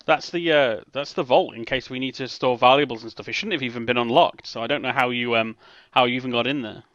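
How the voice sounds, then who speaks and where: A man's voice: mid-range voice, quick pace, a bit bright, no echo, dull audio, close to an everyday voice. A man voicing a stern, dismissive male ship captain in a tabletop game. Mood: defensive.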